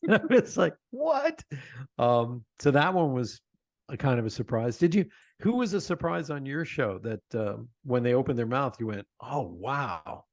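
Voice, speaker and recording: A man chatting as an interview guest in a dry, deadened space. His pitch sits in the middle range. He tells stories with animation and laughs often. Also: lively intonation, moderate pace, darkish tone, no echo. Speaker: podcast host, guest. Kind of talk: conversational interview.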